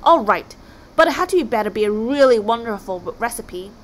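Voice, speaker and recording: A woman's voice: fairly high pitch, lively intonation, a little fast, slight background noise, lightly acted. A woman voicing a busy, snappish male sea god who cooks for the gods. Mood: pleased. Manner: snappish, fussy.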